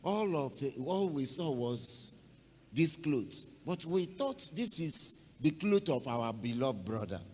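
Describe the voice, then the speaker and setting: A male pastor preaching a sermon, telling a scripture story dramatically and acting it out. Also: on the high side. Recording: long hall reverb, faint noise.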